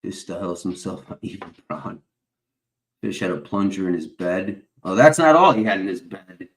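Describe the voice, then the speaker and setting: A man's voice: low voice, normal speed. A man hosting a stream, rambling in casual chat, swearing constantly and filling gaps with uh and whatchamacallit. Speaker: stream host.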